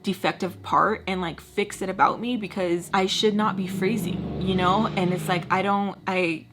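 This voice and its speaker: Woman telling a storytime, expressive. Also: medium pitch, normal speed, background noise. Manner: expressive, swears freely, acts out scenes with quoted voices. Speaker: storytime vlogger. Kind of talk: casual storytelling to camera.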